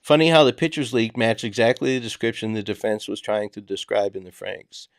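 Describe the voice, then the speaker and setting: A man's voice: on the low side, fairly even intonation, fairly quick, dry recording, clean studio sound. A man with a Boston accent, hosting a casual true-crime discussion and talking emphatically. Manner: conversational, emphatic, drops filler words. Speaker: podcast host.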